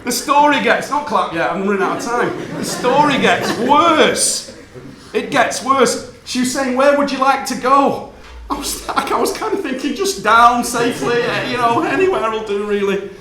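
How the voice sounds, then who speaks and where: Animated storytelling man in a roomy hall. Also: extremely high pitch, moderate pace, crowd noise. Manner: animated, playful storytelling with quoted dialogue. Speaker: speaker giving a talk. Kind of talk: storytelling talk to an audience.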